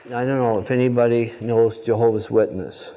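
A man teaches a Bible study class at a medium pitch. He keeps prodding his students with questions and then drives his own answers home. The recording is dull and lo-fi. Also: flat delivery, normal speed. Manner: quizzes the class with pointed questions.

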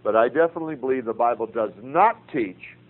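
A man's voice: mid-range voice, a little fast. An older man teaching a Bible class, earnest and folksy, telling personal stories between scripture quotes. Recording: tinny phone-like radio broadcast with faint hum.

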